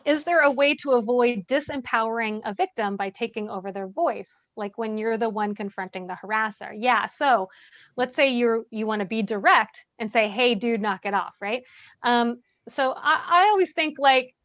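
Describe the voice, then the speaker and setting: A woman with a fairly high voice answers workshop questions as a trainer. She speaks casually and earnestly and fills her talk with ums and likes. She breaks into short acted lines of what to say. The sound is dull and lo-fi in a dry space. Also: a bit bright, dry recording. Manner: casual and earnest, many fillers, acts out what to say.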